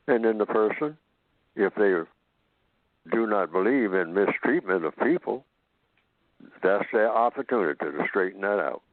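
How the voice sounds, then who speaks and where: A man speaking as a guest on a call-in radio show, explaining slowly and acting out example conversations. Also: lowish voice, no room sound. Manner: explains slowly and acts out sample dialogues. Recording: dry tinny phone line.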